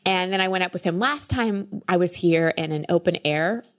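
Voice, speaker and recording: A woman's voice: on the low side, moderate pace. A woman hosting a podcast, chatting enthusiastically as she tells a personal story and introduces her guest. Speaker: podcast host.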